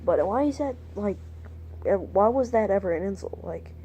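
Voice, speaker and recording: A man's voice: high-pitched, animated, normal speed, dull audio, slight background noise. A young man telling a story in a rambling vlog monologue, crude and profane, trailing off topic and muttering whispered asides. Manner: meandering, drifts off topic. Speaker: vlogger.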